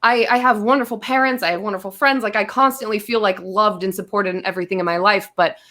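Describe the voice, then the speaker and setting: Animated woman telling a story. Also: medium pitch, quick pace. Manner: animated, acts out her own quotes, many fillers. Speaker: podcast guest. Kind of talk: casual storytelling.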